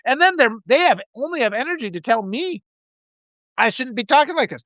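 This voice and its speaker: A man's voice: very high-pitched, big pitch swings, brisk, fairly bright tone, no room sound, clean studio sound. A man hosting a political livestream, reading viewer comments and ranting in a profane, riled-up way, with lots of restarts.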